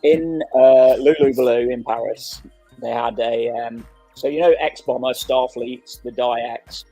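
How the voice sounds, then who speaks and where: A man's voice: mid-range voice, steady tone, dark tone, no room sound, soft background music, rough recording. A man from a toy shop, joining a casual chat and readily agreeing. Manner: chatty, quick to agree.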